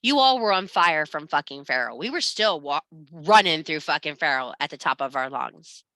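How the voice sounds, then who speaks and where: A woman's voice: deep voice, lively intonation, normal speed, sharp tone, no echo. A woman teaching a spiritual class, blunt and profane, scolding and urging her students. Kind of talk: blunt motivational class talk.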